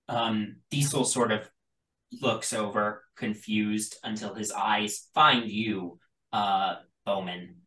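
Guy game-mastering, slow, lots of ums, echoey room. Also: lowish voice, fairly even intonation, pushed and bright. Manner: hesitant, many fillers. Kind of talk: narrating a tabletop game. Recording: roomy, from a distant mic.

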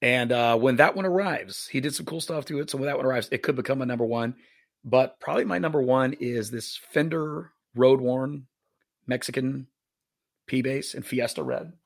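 Male interview guest, gravelly voice, easygoing and halting, dry humor, casual chat. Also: mid-range voice, lively intonation. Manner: laid-back, hesitant, many fillers, dry humor. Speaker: guest musician.

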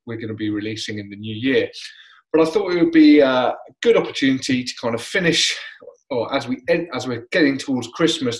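A man from the UK hosting his own podcast, talking off the cuff in a loose, self-described monotone with plenty of fillers and restarts. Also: mid-range voice, rough recording. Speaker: podcast host. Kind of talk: unscripted solo monologue.

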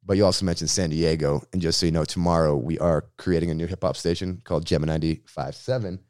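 Deep-voiced radio host from Boston, quick slangy storyteller, interview guest. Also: male voice, clean tone, dry recording, clean studio sound. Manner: slangy, lively anecdotal telling.

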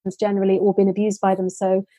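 A woman's voice: medium pitch, completely flat delivery, fast, mellow, no echo, poor audio. A woman from the UK, telling heartfelt stories earnestly as an interview guest. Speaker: social entrepreneur guest. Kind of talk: interview storytelling.

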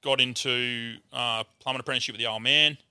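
A man's voice: medium pitch, steady tone, quick pace, pushed and bright, smooth, no echo, studio quality. An Australian man telling a rambling, swear-filled story as a guest on a casual podcast chat.

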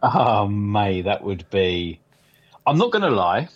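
A man's voice: lowish voice, big pitch swings, takes it slowly, highs cut off. A man co-hosting a podcast over a video call, teasing his friend and mimicking him. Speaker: podcast co-host. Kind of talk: casual chat.

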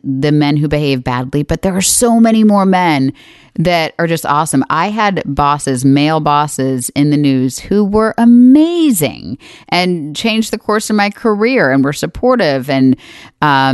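A woman in her forties co-hosting a casual podcast chat, lively and laughing often. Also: low-pitched, a little slow, clear, resonant tone, no echo, studio quality. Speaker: podcast co-host.

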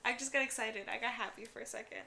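Bright-voiced woman with dry remarks. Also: a little high, fairly even intonation, fast talker, slight background noise. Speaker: podcast co-host. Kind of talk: casual chat.

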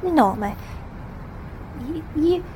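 A woman playing a meek, high-voiced tea-room lady. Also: expressive, drawn-out words, mellow, slight background noise, exaggerated voice. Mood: soothing. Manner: soothing, apologetic.

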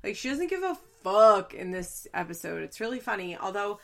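A woman's voice: medium pitch, sing-song, moderate pace, gravelly, a bit bright. A woman chatting casually as she recaps a reality show. She swears freely, laughs often and says "like" a lot.

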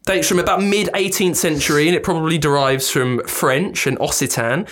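A man's voice: a little high, lively intonation, brisk, hardly any pauses, a bit bright. A British man co-hosting a podcast in casual, teasing chat. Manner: teasing, jumpy, exaggerated. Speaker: podcast co-host.

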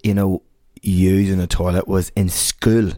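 A man's voice: low voice, little pitch movement, measured pace, warm tone, no echo, clean studio sound. A man hosting a podcast, chatting casually and swearing freely with lots of laughter. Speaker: podcast host. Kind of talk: casual chat.

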